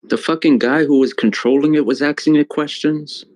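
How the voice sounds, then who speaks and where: A man's voice: a little high, normal speed, a little mellow. A man in a casual debate, blunt and questioning, with some swearing. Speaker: debate participant.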